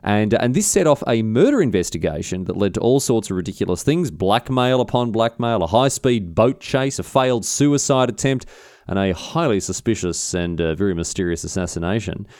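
Lively rambling Australian man, low voice. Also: moderate pace, no echo, studio quality. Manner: rambling, mock-indignant, swears casually. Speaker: podcast host. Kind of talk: casual comedic history storytelling.

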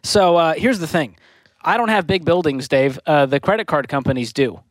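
A man co-hosting a call-in radio show, telling a lively story with jokes. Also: fairly high pitch, normal speed, no room sound. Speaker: radio co-host.

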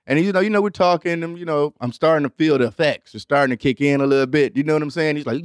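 A young adult man hosting a show, telling a rambling, profane story in an animated way and acting out other people with big jumps in pitch. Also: fast, clean tone, no echo, studio quality. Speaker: host. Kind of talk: storytelling monologue.

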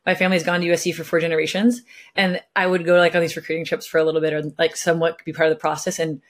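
Young woman from California, rapid casual chat, slightly low voice, bubbly, filler words. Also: level tone. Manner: bubbly, lots of filler words, acts out quotes. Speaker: guest, professional soccer player.

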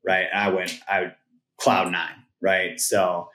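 A man's voice: sits low, flat delivery, takes it slowly, bright, forceful tone, a little hiss or hum. A man, a podcast guest, rambling through a story with lots of "like" and "right?". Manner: rambling, filler-heavy retelling with "like" and "right?". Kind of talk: casual storytelling. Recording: roomy echoing sound.

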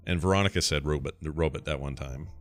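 A man co-hosting a casual podcast, telling rambling stories in a lively, animated way. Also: a bass voice, quick pace, soft background music. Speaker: podcast co-host. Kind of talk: casual chat.

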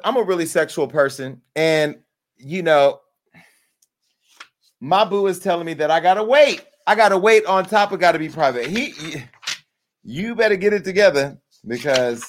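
A man hosting a crude comedic commentary rant, brash and animated, jumping between loud outbursts and low asides.

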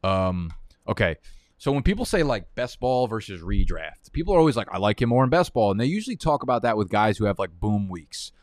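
A man's voice: lowish voice, big pitch swings, fairly quick, no echo, studio quality. A young man streaming live, rambling through fantasy football draft picks in profane, heated rants. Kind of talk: casual live-stream commentary while drafting.

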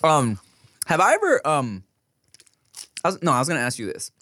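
A man's voice: fairly high pitch, normal speed, no room sound. A man in his thirties, a podcast co-host, telling stories in casual chat, swearing and acting out voices as he goes. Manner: animated storyteller, swearing, acts out voices.

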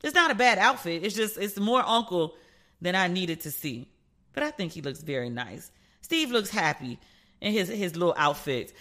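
A woman's voice: on the low side, normal speed. A woman hosting a casual chat show, sassy and playful, telling stories and acting out the people she quotes. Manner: animated storyteller who acts out quoted people. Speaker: podcast host. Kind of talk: casual chat, gossip commentary.

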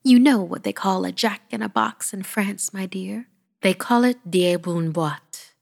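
A woman voicing a stern but loving old grandmother who speaks slowly and in a half whisper. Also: medium pitch, creaky. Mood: solemn. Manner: hushed, half-whispered, slow and solemn. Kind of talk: horror story reading.

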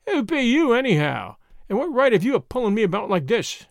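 Man putting on a shrill, sulky servant woman. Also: big pitch swings, a little fast, no echo, studio quality. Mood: sullen defiant. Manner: shrill, rough rustic speech.

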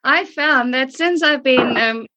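A South African woman, native Afrikaans speaker, a podcast guest, giggly and quick to laugh. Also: sits high, bright, forceful tone, highs cut off. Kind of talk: casual interview chat.

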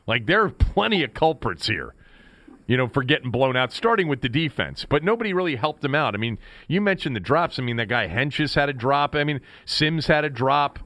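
A man's voice: mid-range voice, expressive, fairly quick, bright, forceful tone, no echo. Sports radio host guy, voice bouncing around a lot, dry close sound.

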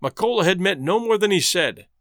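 A man narrating a story in a measured, expressive way. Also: high voice, dry recording, studio quality.

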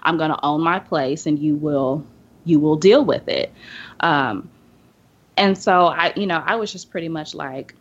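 A woman from the American South tells a story at a podcast roundtable, with a voice that sits on the lower side. She drops into animated impressions of the people she describes. The recording is muffled and low-fidelity. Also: measured pace. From Southern United States. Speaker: podcast panelist. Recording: dull lo-fi podcast audio.

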